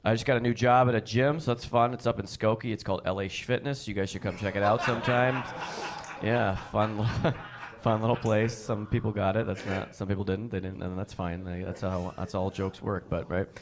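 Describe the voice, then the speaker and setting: A man performs stand-up comedy on a stage, his voice lowish and his delivery rapid. He jumps into squeaky voices for the people in his stories. A faint hiss sits under the TV taping. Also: fairly even intonation. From New Jersey. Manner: fast, chatty, acts out quoted people in high voices. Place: comedy stage before a live audience.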